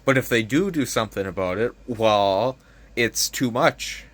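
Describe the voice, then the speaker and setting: A young man from Canada with a bright, ringing voice vents in a loose, unscripted rant. He swears freely and sounds fired up and exasperated. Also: on the low side, expressive, measured pace. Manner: heavy swearing, fired-up and frustrated. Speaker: vlogger. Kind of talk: casual opinion rant.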